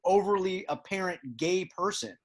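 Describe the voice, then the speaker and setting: A man's voice: high-pitched, steady tone, moderate pace. A man hosting a casual podcast chat, rambling and emphatic with many restarts. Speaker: podcast host. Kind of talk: casual conversation.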